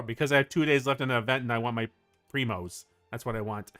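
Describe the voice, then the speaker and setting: A man streaming a video game, reacting excitably and talking to himself as he plays. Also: medium pitch, quick pace, soft background music. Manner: excitable, laughs often, talks to himself. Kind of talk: casual gaming commentary.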